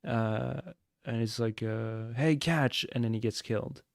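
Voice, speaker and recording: A man's voice: on the low side, monotone, a little slow, creaky, darkish tone, no echo, clean studio sound. A young man streaming a mystery game live, chatting and joking with his viewers as he plays. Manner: chatty, joking, answers chat.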